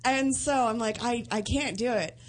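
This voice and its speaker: A woman with a slightly high voice tells a story in a loose, chatty way. She is blunt and profane, and she throws herself into every turn of the tale. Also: moderate pace. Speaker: podcast guest. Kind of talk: casual storytelling chat.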